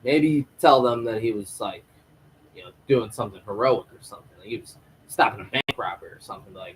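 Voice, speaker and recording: A man's voice: medium pitch, brisk, slight background noise, low-quality recording. Rambling, foul-mouthed male show reviewer. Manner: rambling, profane, animated. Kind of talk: live episode recap.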